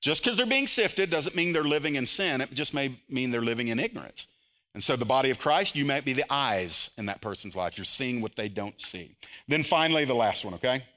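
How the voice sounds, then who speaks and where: A man preaching a sermon as pastor, moving between loud, impassioned emphasis and quiet, earnest intensity. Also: mid-range voice, lively intonation, fairly quick.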